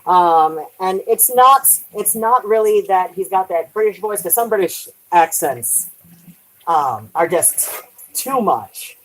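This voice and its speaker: A woman's voice: mid-range voice, animated, takes it slowly, fairly bright tone, poor audio. A woman chatting casually on a live stream while doing dishes at home, rambling, trailing off and swearing lightly.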